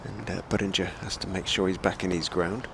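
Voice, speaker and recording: A man giving live ball-by-ball cricket commentary, measured and telling stories between deliveries. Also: low-pitched, steady tone, gravelly, background noise.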